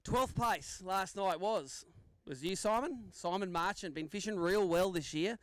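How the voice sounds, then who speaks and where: Male MC, upbeat banter, high smooth voice. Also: measured pace, no room sound. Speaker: tournament weigh-in MC. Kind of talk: live event emceeing. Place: outdoor lakeside weigh-in stage.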